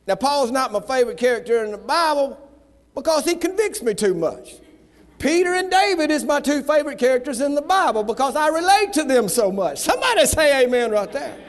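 High-pitched country preacher guy from the south, shouting then going quiet, long echo off a big church hall. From American South. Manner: folksy, alternating shouting and hushed lowering. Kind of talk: fiery revival sermon. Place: church sanctuary. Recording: long reverb of a large hall.

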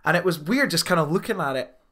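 A man co-hosting a podcast, rambling excitedly in casual chat and swearing now and then. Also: on the high side, quick pace. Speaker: podcast co-host.

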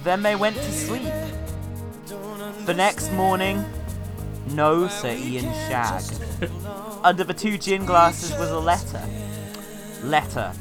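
A man's voice: high voice, lively intonation, takes it slowly, pauses often. A man reading a silly story aloud as a comedy podcast co-host, with theatrical delivery and laughing asides. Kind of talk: comic dramatic reading. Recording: podcast with music underneath.

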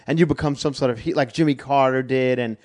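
A man's voice: mid-range voice, fairly even intonation, fast, a little mellow. A man co-hosting a casual chat show, easygoing and agreeable, telling rambling stories. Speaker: podcast co-host.

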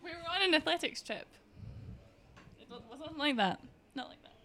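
A woman's voice: high-pitched, animated, normal speed, fairly bright tone. Embarrassed giggling woman in the audience. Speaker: audience member. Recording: faint crowd noise.

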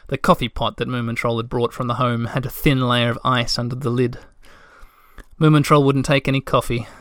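A man's voice: mid-range voice, fairly bright tone, clean tone, dry recording. Man reading a storybook, dry sound. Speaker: narrator.

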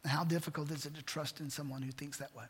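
A man's voice: fairly high pitch, flat delivery, quick pace, husky. A man pastor preaching a sermon, earnest and repetitive, asking rhetorical questions. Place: church sanctuary. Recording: church hall reverb.

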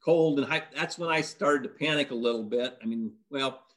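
A man's voice: medium pitch, moderate pace, a bit bright. A man in an interview plainly recounting a rescue, matter-of-fact. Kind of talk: casual storytelling.

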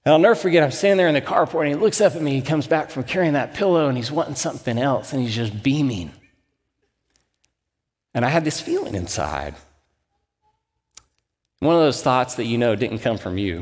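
Lively pastor telling a story in a big hall. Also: male voice, mid-range voice, a little fast, pauses often. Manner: candid, self-deprecating storyteller. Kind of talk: storytelling sermon.

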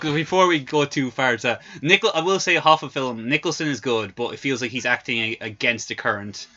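Male podcaster, animated and profane, very bright voice, muffled lo-fi mic. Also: medium pitch, a little fast, few pauses. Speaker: podcast co-host. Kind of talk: casual film-review chat.

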